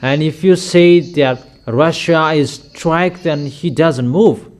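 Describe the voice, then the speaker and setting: Fervent preacher man, halting English. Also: on the high side, a little mellow. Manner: emphatic, commanding, addresses listeners as children; halting non-native English with repeated phrases. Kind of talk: sermon.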